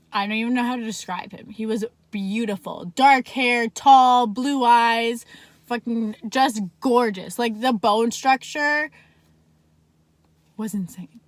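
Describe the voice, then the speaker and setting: Young woman vlogger, slightly high pitch, dry sound, casual storyteller who swears freely. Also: measured pace, no room sound. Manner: chatty, swears a lot, heavy use of "like".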